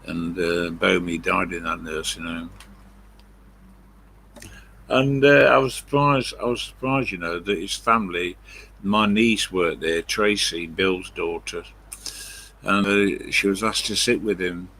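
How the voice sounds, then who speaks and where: An older man, rambling through a story on his live stream, full of pauses and fillers. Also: sits low, steady tone, creaky, pushed and bright, slight background noise.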